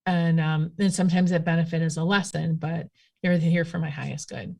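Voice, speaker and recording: Chatty woman with a low voice. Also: fairly quick, creaky. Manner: chatty, rambling, animated storytelling with many fillers. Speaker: guest, witchcraft practitioner. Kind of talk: casual storytelling conversation.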